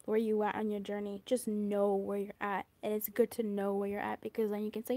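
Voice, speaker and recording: A woman giving a casual, animated spoken card reading. She talks in a chatty way with swearing, drops into whispers, and acts out little asides. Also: mid-range voice, brisk, few pauses, no room sound. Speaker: tarot reader.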